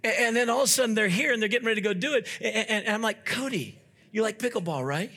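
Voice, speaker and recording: Man, pastor, sermon, fervent, emphatic repetitions, high voice, husky edge. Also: steady tone, rapid-fire. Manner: fervent preaching with repetitions and rising emphatic shouts; acts out little scenes with quoted voices.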